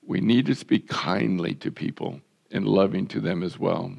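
An older man preaching a sermon as pastor, his voice hoarse and gravelly, earnest and measured, often repeating words. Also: deep voice, darkish tone.

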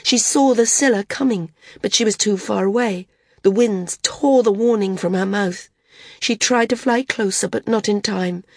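A woman narrating an audiobook in a steady, measured reading. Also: medium pitch, no echo, studio quality.

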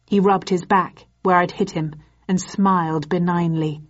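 A woman reading a first-person novel aloud in a measured, even storytelling manner. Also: on the low side, muffled recording. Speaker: audiobook narrator.

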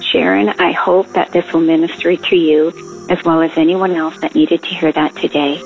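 A woman from Alberta, Canada calls in with warm encouragement, pausing often with ums. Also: deep voice, fairly even intonation, creaky, soft background music. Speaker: caller. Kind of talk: phoned-in encouragement. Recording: dull lo-fi phone line.

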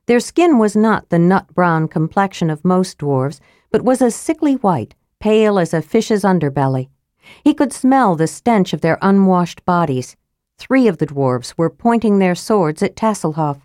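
A woman's voice: very animated, a little slow, darkish tone, no echo, studio quality. Woman narrating a fantasy audiobook. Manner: lowers her voice for male characters. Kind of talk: scripted narration with character voices.

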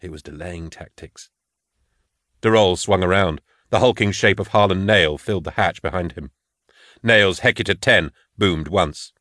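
A man narrating an audiobook in a measured, grave storytelling voice. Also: sits low, pushed and bright, dry recording, clean studio sound. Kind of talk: scripted narration.

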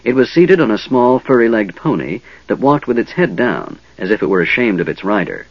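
A man narrating a fantasy audiobook in an expressive reading, recorded dull and dry. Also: mid-range voice, a little fast, no room sound. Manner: lively, expressive reading with many voices.

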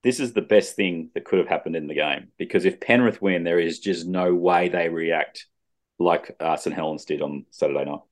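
A man's voice: low-pitched, moderate pace. A middle-aged Australian man hosting a casual sports chat, teasing and laughing often. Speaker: podcast host.

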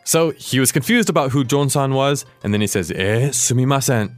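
A man's voice: mid-range voice, lively intonation, moderate pace, faint music behind. A man hosting a podcast language lesson, patiently explaining a dialogue step by step. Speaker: language teacher host.

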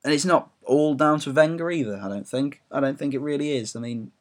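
A man's voice: medium pitch, a little fast. Young English man, home audio blog, rambling football rant, sweary and self-deprecating. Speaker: football fan blogger.

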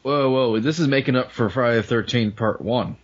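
A man's voice: mid-range voice, brisk, dull audio, background noise. A man making wry, sarcastic quips during a movie commentary. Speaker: commentary co-host.

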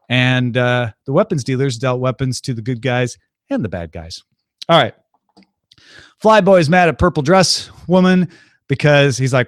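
A man casually recapping a film as a podcast host, breezy and jokey, often slipping into quick impressions of the characters. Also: mid-range voice, dry recording, clean studio sound.

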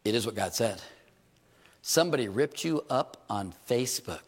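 A man preaching a sermon in a church, animated and joking, with rhetorical questions to his congregation. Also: medium pitch, normal speed. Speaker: pastor. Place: church hall. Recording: reverberant church hall.

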